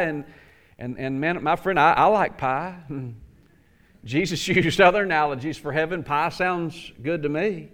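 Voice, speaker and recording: With a fairly high, slightly bright voice at a measured pace, this pastor delivers a homespun sermon. He leans on repetition and climbs toward forceful peaks.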